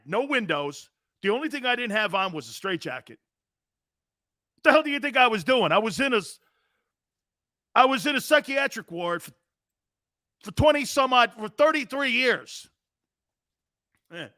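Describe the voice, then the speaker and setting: A man's voice: high voice, sharp tone, no echo, studio quality. A man hosting a sports talk show, joking and rambling and laughing often.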